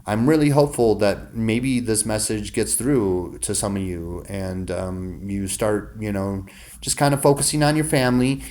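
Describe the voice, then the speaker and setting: A man delivering a casual, rambling monologue to his viewers, cursing freely and restarting his sentences often. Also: mid-range voice. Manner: rambling, profane, many restarts. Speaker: vlogger.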